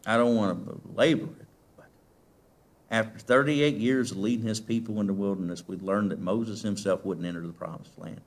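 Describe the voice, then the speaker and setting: A male preacher delivering a sermon. He asks the congregation questions and swings from loud emphasis to very soft, quiet lines. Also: lowish voice, brisk.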